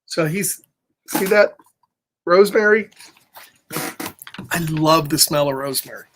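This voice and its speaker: A man's voice: a little high, measured pace, a bit bright, a little hiss or hum. A man reading a picture book aloud to listeners, breaking off into playful chatty asides and laughing often. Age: adult with a child. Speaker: children's story reader.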